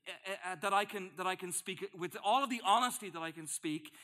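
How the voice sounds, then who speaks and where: Male pastor preaching; high, bright voice; lively storyteller who acts out his reactions. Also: brisk. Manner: storytelling with acted-out asides. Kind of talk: sermon.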